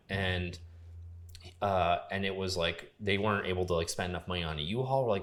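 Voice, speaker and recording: Talking quickly in a low-pitched, slightly bright voice, a young podcast guest, a grip and gaffer, spins out a long, casual tale. It's full of fillers and quoted dialogue, delivered in a laid-back way.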